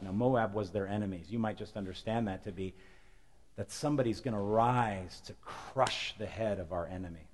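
A male pastor preaching a lively storytelling sermon, moving between loud emphasis and hushed moments. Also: fairly low pitch, normal speed. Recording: long hall reverb.

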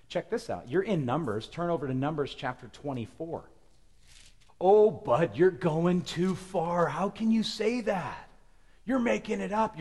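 A male pastor preaching a lively storytelling sermon, moving between loud emphasis and hushed moments. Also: lowish voice, breathy edge. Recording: long hall reverb.

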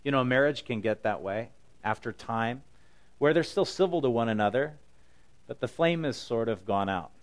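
Preaching with lively intonation at a normal pace, a middle-aged pastor with a medium-pitched voice keeps his sermon earnest and conversational. He restates scripture in his own words.

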